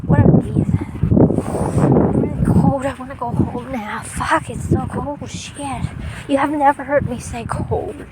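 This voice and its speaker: Excitable woman vlogging on a windy beach. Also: sits high, measured pace. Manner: excitable, gushing exclamations. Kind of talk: casual vlog commentary. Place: outdoors on a cold, windy beach. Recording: loud wind noise outdoors.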